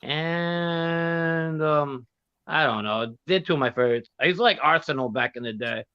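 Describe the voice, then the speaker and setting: A man chats as a guest on a casual live stream, laughing often and trying out mock accents. His voice sits a bit high and is recorded dry. The audio is dull and lo-fi. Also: normal speed, pushed and bright, smooth, no room sound.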